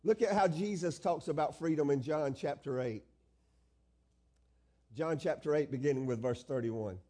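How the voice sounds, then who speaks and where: Emphatic preaching man with a mellow voice. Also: on the high side. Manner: emphatic preaching, drawn-out phrases, asks the congregation questions. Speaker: pastor. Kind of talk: sermon.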